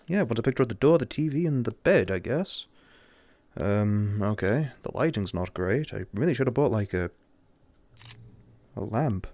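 A young English man commenting jokingly and sarcastically while playing a horror game, getting excited easily. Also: medium pitch, no echo. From England. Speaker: gamer.

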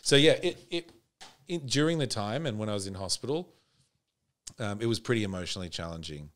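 Australian man, very deep voice, laid-back storytelling, casual swearing. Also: expressive, fairly quick. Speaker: podcast guest.

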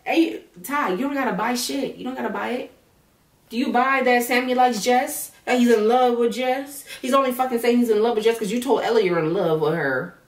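A woman tears into a reality show in a blunt, profane, animated rant, swearing freely. She sits back from the mic, and the room echoes around her. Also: fairly high pitch, brisk, recorded from a distance. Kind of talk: casual rant.

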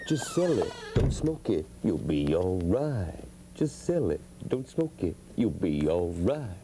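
A man's voice: deep voice, huge pitch swings, takes it slowly, background noise, exaggerated voice. A man voicing a brash, swaggering drug dealer with cocky sales patter.

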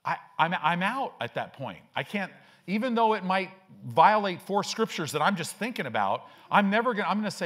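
This is an older man delivering a sermon from the pulpit, his voice sitting a bit high for a man. His delivery is animated, with wide swings of pitch and frequent rhetorical questions aimed at the listeners. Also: fairly quick, hardly any pauses. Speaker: pastor.

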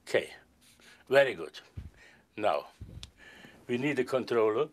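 Playful stage magician with lively pitch. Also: male voice, takes it slowly. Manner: playful, polite and formal, joking with the volunteer. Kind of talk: stage magic performance with audience volunteer.

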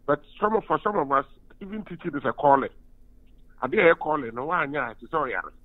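A man's voice: fairly high pitch, animated, quick pace. A Ghanaian university lecturer and union official giving an emphatic phone-in radio interview, switching between Twi and English. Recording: tinny phone line.

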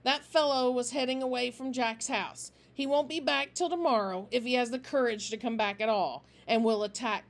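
A woman voicing a volatile gang leader who talks low and menacing with icy composure. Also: normal speed, few pauses, natural voice. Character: volatile, cold-blooded male gang leader.

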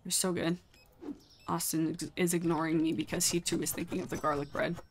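A woman's voice: on the low side, flat delivery, brisk, slight background noise. A young adult woman chatting casually through a live game stream, exclaiming often and talking straight to her viewers.

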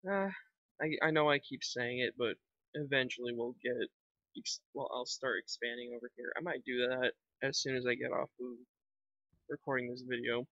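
A man's voice: mid-range voice, steady tone, moderate pace, a bit bright, dry recording. A young man chatting casually while playing a game, rambling and thinking aloud with lots of fillers. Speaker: gaming vlogger. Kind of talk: casual gameplay commentary. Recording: dull lo-fi home mic.

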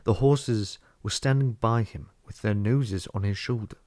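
Low, mellow male storyteller. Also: a little slow, dry recording, studio quality. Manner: steady storytelling read-aloud. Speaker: audiobook reader. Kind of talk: scripted narration.

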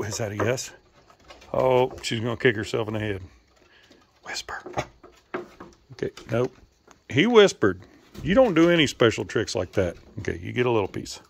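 A man's voice: lowish voice, creaky, husky. A man talking casually to his animals as he feeds and grooms them, coaxing and scolding them in short commands.

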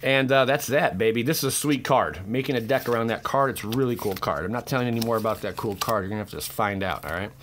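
A young man hosting a casual card pack-opening vlog, hyper and excitable with crude exclamations. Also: mid-range voice, quick pace, few pauses, slight background noise. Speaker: card-opening YouTube host.

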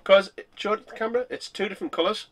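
A man's voice: high-pitched, racing, a bit bright. A man vlogging as he tastes snacks, talking casually and laughing often. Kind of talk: casual snack tasting chat.

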